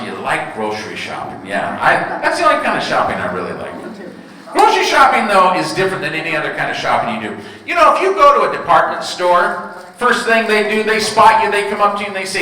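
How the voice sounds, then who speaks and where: A young man performing a stand-up comedy routine, telling animated stories and slipping into put-on voices. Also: sits high. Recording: echoey hall from far off.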